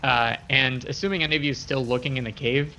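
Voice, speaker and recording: Gravelly-voiced male game master. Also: mid-range voice, steady tone, fast talker, sharp tone, slight background noise. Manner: easygoing, hesitant fillers. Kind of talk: running a tabletop game.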